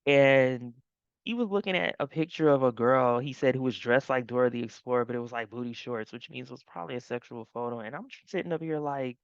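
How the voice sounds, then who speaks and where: A woman's voice: extremely low pitch, quick pace, smooth, dry recording, dull audio. A woman host recapping a reality TV episode in casual commentary, chatty and laughing often.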